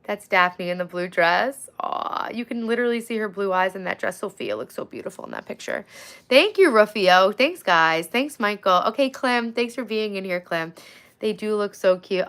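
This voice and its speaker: A woman's voice: mid-range voice, normal speed, a bit bright. A woman in her forties hosting a casual livestream from home, chatting and thanking viewers by name. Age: 40s. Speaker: livestream host.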